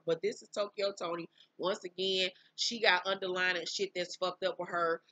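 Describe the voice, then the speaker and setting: Blunt, bright-voiced woman host. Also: fairly low pitch, level tone, normal speed, hardly any pauses, dry recording, dull audio. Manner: blunt, candid, profane storytelling. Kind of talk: casual recap of a reality show.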